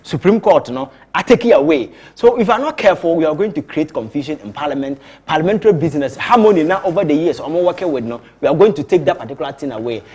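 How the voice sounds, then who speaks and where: A man's voice: a little high, expressive, fast talker, few pauses, darkish tone. A man with a Ghanaian accent giving emphatic political commentary on a talk show, often restarting and repeating words. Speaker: political analyst.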